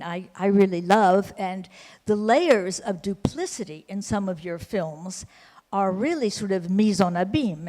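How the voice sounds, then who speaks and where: A woman's voice: mid-range voice, a little mellow. Articulate woman interviewer in a reverberant hall. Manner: articulate, long probing questions. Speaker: interviewer, host. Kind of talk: onstage interview.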